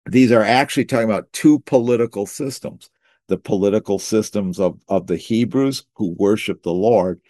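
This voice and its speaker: A man teaching through a Bible passage in sermon style, often repeating words as he thinks and slowing down on key phrases. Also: low voice, a little mellow, no echo, studio quality. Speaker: preacher.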